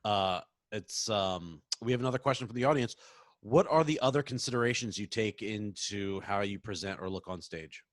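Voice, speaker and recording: A man moderating a Q&A who reads audience questions aloud with halting restarts, over a video call. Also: on the low side, dry recording, studio quality.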